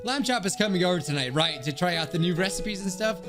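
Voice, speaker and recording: A man voicing a caring young woman healer who talks in a gentle, reassuring way. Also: sits high, quick pace, lightly acted. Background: game music.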